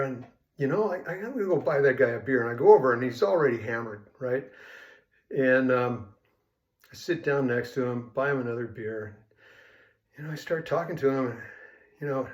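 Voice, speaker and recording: An older man telling a rambling, casual story full of asides, in a roomy echoing recording. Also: medium pitch. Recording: roomy echo.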